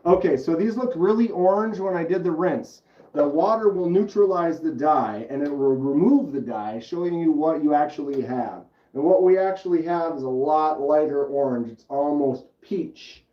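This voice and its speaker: A man's voice: fairly high pitch, roomy sound, recorded from a distance, dull audio. A man hosting a casual livestream at home, chattily explaining each step and answering the chat aloud. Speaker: livestream host.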